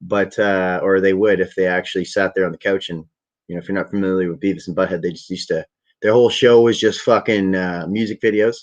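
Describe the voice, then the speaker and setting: Laid-back young male vlogger, low voice, profane rambling storyteller; muffled home recording. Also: fairly even intonation, brisk. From Ottawa area, Canada. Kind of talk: casual storytelling. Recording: dull lo-fi webcam audio.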